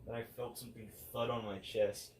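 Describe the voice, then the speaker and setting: A young man with a medium-pitched voice co-hosts a casual chat among friends, talking a little fast and telling stories animatedly while acting out the quotes. The sound is roomy, with a distant mic and faint hiss.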